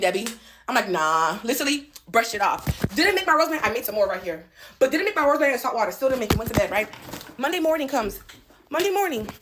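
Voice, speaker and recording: A woman's voice: high-pitched, background noise. A woman in her twenties telling a heated, profane story-time rant at home, stuttering as she talks. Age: 20s. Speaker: vlogger. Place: home bathroom, indoors.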